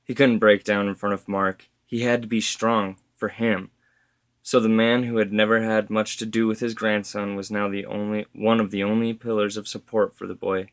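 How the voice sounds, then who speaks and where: A man reading his story aloud as narrator, steady with occasional self-corrections. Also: on the low side, normal speed, no room sound.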